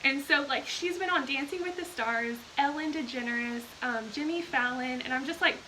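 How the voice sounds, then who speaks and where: A woman's voice: high-pitched, normal speed, bright, forceful tone, a little hiss or hum, poor audio. A woman hosting a live video, chatting casually and gushing with enthusiasm as she reads viewer comments aloud.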